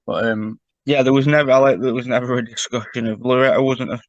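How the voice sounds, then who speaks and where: A man's voice: medium pitch, fairly even intonation, fast talker, no echo, highs cut off. A man, co-hosting a podcast in casual chat and analysing a cartoon with many fillers. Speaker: podcast co-host.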